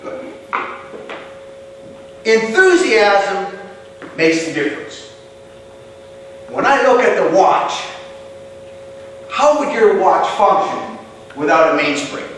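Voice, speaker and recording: A man giving a motivational contest speech to a club, emphatic, with deliberate pauses and punched key words. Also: high-pitched, big pitch swings, a bit bright. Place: club meeting room. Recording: echoey room from far off, faint hiss.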